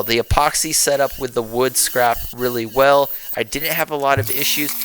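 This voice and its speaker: A man's voice: medium pitch, fairly bright tone, a little hiss or hum, low-quality recording. A man with a Texan accent giving tired, rambling, self-deprecating voice-over commentary on his woodturning project late at night. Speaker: woodturning channel host.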